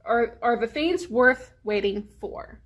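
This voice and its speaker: A woman reading aloud as a wise, patient older brother pig in a children's storybook, gently. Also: fairly high pitch, expressive, takes it slowly. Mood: kindly.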